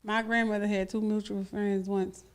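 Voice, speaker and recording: A woman co-hosting a radio talk show, telling stories in a blunt, profane, animated way. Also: medium pitch, normal speed, smooth. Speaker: radio co-host. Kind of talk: casual chat.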